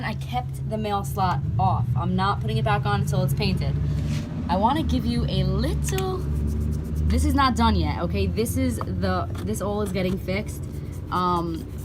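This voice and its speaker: A woman renovating her home chats cheerfully to the camera as she repairs and paints a front door for a casual DIY vlog. Her voice sits at a medium pitch, and there's a lot of noise in the background.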